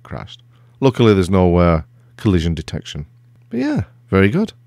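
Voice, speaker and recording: Low, gravelly middle-aged man hosting a relaxed software walkthrough, self-deprecating and rambling. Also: normal speed, no echo, studio quality. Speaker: tech video host. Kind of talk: casual screen-recorded software walkthrough.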